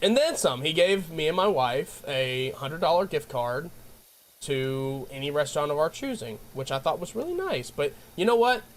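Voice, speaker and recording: A man's voice: a little high, big pitch swings, normal speed. A man streaming and chatting with his viewers, ranting in a rambling way with lots of restarts. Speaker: game streamer. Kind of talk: casual chat with stream viewers.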